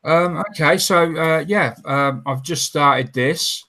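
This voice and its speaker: A man joining a live stream as a guest hobby builder, speaking casually and hesitantly with many pauses and fillers. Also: fairly high pitch, bright, forceful tone. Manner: hesitant, halting, full of fillers. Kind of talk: casual chat.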